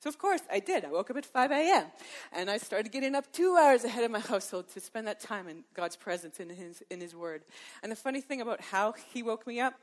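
A middle-aged woman with a somewhat high voice shares a faith testimony in a sermon-like talk. She tells it as a lively story, acts out what she thought and said, and laughs often. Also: fast. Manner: lively storyteller who acts out her own inner dialogue and laughs often. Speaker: Christian women's speaker.

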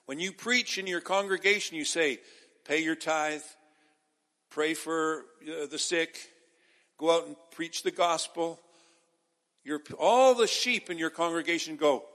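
A man's voice: on the high side, unhurried, long reverb tail. A man from Israel preaching a sermon to a live audience, emphatic and calling out to the crowd for responses.

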